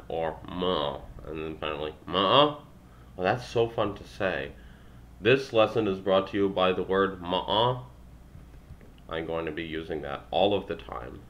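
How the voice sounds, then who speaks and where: A man's voice: deep voice, pushed and bright. A young man whose native tongue is English, reading textbook exercises aloud and answering them, with wry asides. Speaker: language learner working through a textbook. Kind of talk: self-recorded study session, reading exercises aloud.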